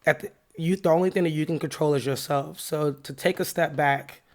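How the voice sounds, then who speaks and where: A woman's voice: sits low, fairly even intonation, a little fast. Woman podcast host, candid storyteller, reflective and plainspoken. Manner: candid, reflective, retelling a heated run-in. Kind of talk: casual personal storytelling with a lesson.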